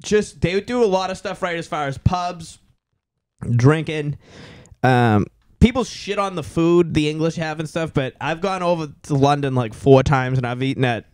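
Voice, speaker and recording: A man's voice: a little high, moderate pace, darkish tone, clear, resonant tone, no echo. Casual young Boston guy, swearing freely. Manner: loose, swears freely, lots of "dude". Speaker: podcast guest. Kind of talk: casual chat.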